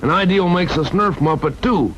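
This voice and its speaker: A man voicing a friendly puppet dog pitching a toy, chatty and a bit flustered. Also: moderate pace, a bit bright, a little hiss or hum. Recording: dull lo-fi vintage TV audio.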